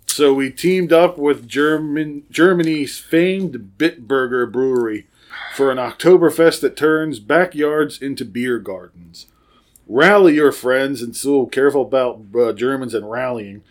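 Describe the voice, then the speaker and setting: On a casual podcast, a male co-host reviews a beer, laughing often between his lines. His voice is medium-pitched and a little slow.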